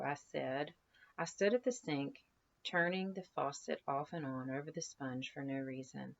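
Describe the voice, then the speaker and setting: A woman's voice: very deep voice, steady tone, normal speed, vocal fry, lo-fi sound, slight background noise. A woman teacher reading a novel aloud to her class in a conversational way, stopping to ask her students questions. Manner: conversational, asks students questions between passages.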